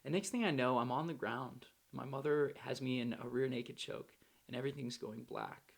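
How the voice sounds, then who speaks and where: Man, gravelly fry in the voice, candid slangy first-person storytelling. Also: mid-range voice, moderate pace. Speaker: storyteller recounting his recovery.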